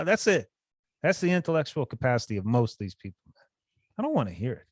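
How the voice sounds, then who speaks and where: A man's voice: medium pitch, sing-song, fast, long pauses, no room sound, studio quality. A man co-hosting a casual podcast, ranting bluntly and cursing a lot. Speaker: podcast co-host. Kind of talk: casual chat.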